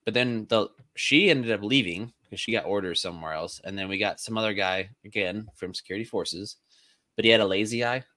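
A man co-hosting a casual veterans' chat, telling profane stories with animated quoted lines. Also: on the low side, fairly quick. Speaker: podcast co-host.

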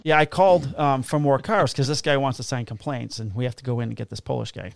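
A man's voice: medium pitch, fairly even intonation, quick pace, vocal fry, no room sound. A man who works as a police officer, telling work stories in a casual chat, profane and blunt, laughing at his own tales.

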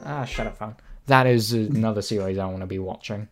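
Low-voiced man rambling on a podcast. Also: fairly quick, faint music behind. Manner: rambling, swearing, hesitant fillers. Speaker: podcast co-host. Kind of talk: casual chat. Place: home, on a Discord call.

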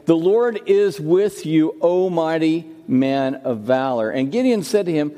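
A pastor delivers a sermon in a fairly high voice, often repeating his words and restarting phrases as he tells his stories. His voice carries a long reverb from a church sanctuary. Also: lively intonation, measured pace, warm tone. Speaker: senior pastor.

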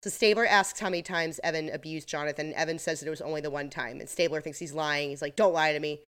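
A woman's voice: sits low, steady tone, quick pace, fairly bright tone, clear, resonant tone. A woman co-hosting a podcast, casually recapping a TV episode with lots of fillers and the odd laugh. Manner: chatty, filler-heavy retelling with laughs. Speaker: podcast co-host.

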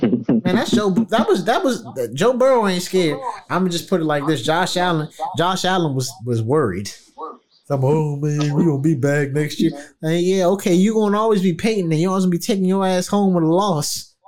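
A man talking football in casual chat, animated and trash-talking with plenty of laughs. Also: sits high, a little fast. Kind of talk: casual sports talk.

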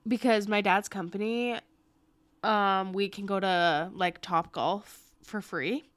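A young woman co-hosting a podcast, chatting casually and excitedly over a video call, rambling and laughing often. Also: mid-range voice, takes it slowly, no echo. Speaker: podcast co-host.

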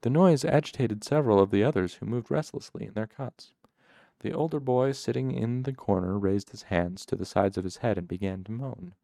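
A man reading a novel aloud as first-person narration, in a measured, even storytelling manner. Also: lowish voice, vocal fry, dry recording, clean studio sound. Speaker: audiobook narrator.

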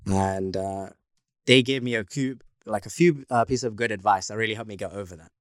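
A young man talking in a casual podcast chat, halting often and restarting his sentences. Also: fairly low pitch, no echo. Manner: halting, many fillers and restarts. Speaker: podcast co-host.

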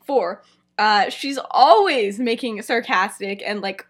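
A young woman co-hosting a podcast, retelling a story in casual chat, animated, with lots of fillers. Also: mid-range voice, slow pace. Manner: animated storytelling, many fillers, frequent laughs. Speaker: podcast co-host.

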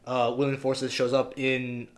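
A man's voice: medium pitch, moderate pace. A man co-hosting a podcast, chatting casually about horror movies with lots of fillers. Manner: chatty, many fillers, animated retelling of scenes. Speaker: podcast co-host.

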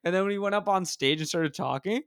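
A man from Canada, a comedian guest on a podcast, rambling excitedly and swearing often. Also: high voice, quick pace, clean tone, dry recording, clean studio sound. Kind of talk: casual chat.

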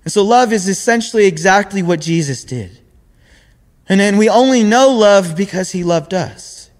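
A man's voice: high voice, expressive, normal speed. A young man giving a sermon in an earnest way, often repeating words as he searches for the next phrase. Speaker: preacher. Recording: long hall reverb.

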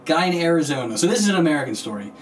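A man's voice: a little high, very animated, racing, a little hiss or hum. A young man hosting a casual podcast, chatty and jokey, retelling odd news stories, heard from a distant mic. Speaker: podcast host.

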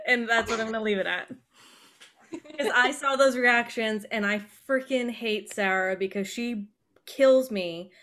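A young woman co-hosting a podcast in casual chat, excitable and rambling with quick asides. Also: a little high. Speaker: podcast co-host.

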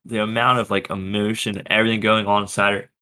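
Podcast guy, kinda low voice but bright and punchy, excited, says like constantly. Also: quick pace. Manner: enthusiastic, laughs often, lots of "like". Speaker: podcast co-host. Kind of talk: casual chat reviewing a TV episode.

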